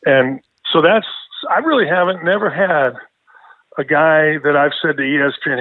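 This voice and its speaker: Middle-aged male radio host, guesting by phone: chatty, storytelling, a touch high, tinny and dry line. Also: moderate pace, dry recording. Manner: animated storytelling, laughs a lot, repeats words. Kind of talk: casual podcast conversation.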